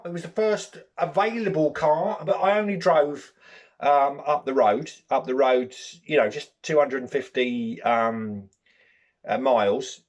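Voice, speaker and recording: A man giving a rambling, hesitant comic monologue, deadpan and full of ums. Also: fairly high pitch, lo-fi sound. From Nottingham, England. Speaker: comedy character monologue.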